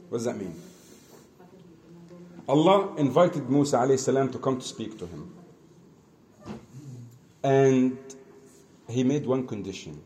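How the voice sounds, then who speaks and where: A man preaching in English, telling a religious story in a conversational, halting way, acting out the dialogue. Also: mid-range voice, expressive, dark tone, slight background noise. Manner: conversational, halting, many restarts, acts out dialogue. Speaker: Islamic preacher. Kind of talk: storytelling sermon.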